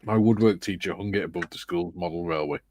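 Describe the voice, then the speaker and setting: A man's voice: low voice, fast talker, darkish tone, slight background noise. A man recovering from the flu, casually reading out viewer comments as co-host of a livestream over a video call. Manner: reads out viewer comments, laughs often. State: recovering from flu, phlegmy chest.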